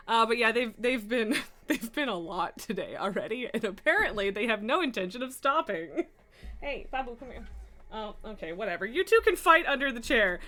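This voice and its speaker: A woman's voice: fairly high pitch, very animated, moderate pace, pushed and bright. A woman live streamer chatting casually from her home streaming room, laughing often, swearing and scolding her cats.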